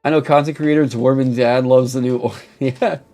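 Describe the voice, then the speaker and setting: A young man streaming casually, reading chat aloud and reacting with animated, swear-filled mock outrage. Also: medium pitch, normal speed, soft background music.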